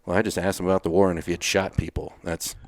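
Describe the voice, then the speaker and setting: A deep-voiced, fast-talking man with a level tone, he's a retired Navy SEAL from Texas telling blunt, casual stories as a podcast guest. He swears casually and plays out his own past lines, captured in clean studio sound with no room sound.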